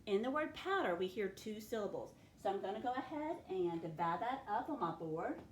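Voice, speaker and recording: A woman teacher leading a recorded phonics lesson, clearly sounding out words and letters for her students. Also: medium pitch, animated, brisk, reverberant, a little hiss or hum. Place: classroom with a board.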